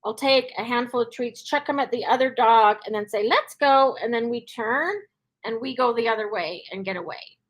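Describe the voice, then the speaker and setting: A woman's voice: a little high, a little fast. A woman dog trainer answering questions in a live Q&A, chatty, with many fillers, acting out cheerful cues. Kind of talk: live Q&A advice.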